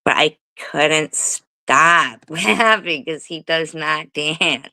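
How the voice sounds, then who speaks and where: Woman, middle-aged, casual storyteller, slow and unhurried, dry close sound, laughs and swears. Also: low-pitched, vocal fry, sharp tone, dry recording, low-quality recording. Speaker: livestream host. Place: home livestream.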